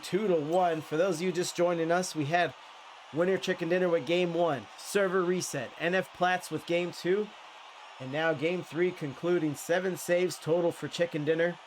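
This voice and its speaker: A man casting an esports match in excitable play-by-play style, sounding congested and nasal from a cold. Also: fairly high pitch, slight background noise. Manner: excitable play-by-play with frequent restarts. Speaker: esports caster.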